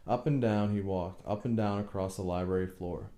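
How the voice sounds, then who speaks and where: Low-voiced guy reading a novel aloud, slow and measured, echoey room. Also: steady tone, dark tone. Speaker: audiobook reader. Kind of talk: audiobook narration.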